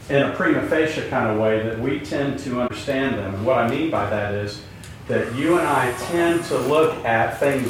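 A man's voice: mid-range voice, a little hiss or hum. Male Bible teacher, chatty and informal, quizzing his class, heard from a distance in a very echoey room. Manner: conversational, many fillers, jokes with class.

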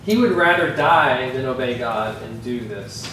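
A man preaching a sermon as a pastor, in a slow, earnest manner that turns animated when he quotes. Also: medium pitch, background noise. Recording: echoey hall, voice from a distance.

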